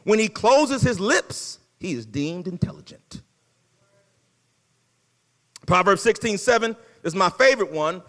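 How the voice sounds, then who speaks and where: A man delivers a sermon in a casual, folksy way, his high voice leaping across a wide range. The sound is bright and forceful. A long hall reverb trails every phrase. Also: unhurried, pauses often. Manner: animated preaching, swings from loud to hushed. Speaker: pastor. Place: church sanctuary.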